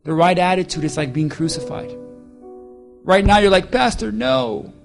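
A man preaching a sermon as pastor, emphatic, with loud calls and hushed stretches. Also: high-pitched, moderate pace, soft background music.

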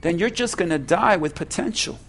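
A man preaching a sermon as pastor, slow and emphatic, asking the congregation rhetorical questions. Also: high-pitched, expressive, vocal fry, a bit bright.

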